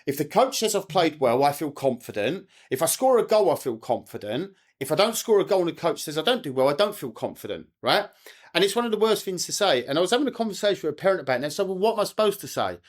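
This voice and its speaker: Man, quick and lively, mental performance coach, explains step by step, fairly high voice. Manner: earnest, explanatory, lays points out step by step. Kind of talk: casual podcast conversation.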